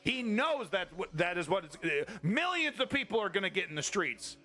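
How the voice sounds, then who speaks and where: A man's voice: high-pitched, very animated, moderate pace, pushed and bright. A man hosting a live news stream, ranting about politics to his chat in a heated, profane, rambling way with many restarts. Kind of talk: angry political commentary to chat.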